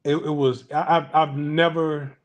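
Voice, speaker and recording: A man's voice: a little high, flat delivery, a little slow. A man hosting a casual monologue to viewers, ranting bluntly with profanity and frequent restarts. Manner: acts out others' voices in anecdotes. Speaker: commentary channel host.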